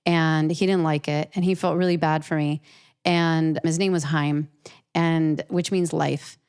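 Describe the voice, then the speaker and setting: A woman with a lower voice and a smooth, resonant tone tells a personal story to an interviewer. She is earnest and emotional, and she often restarts and repeats words as she goes. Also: fairly even intonation, measured pace, darkish tone. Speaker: professional artist, interview guest.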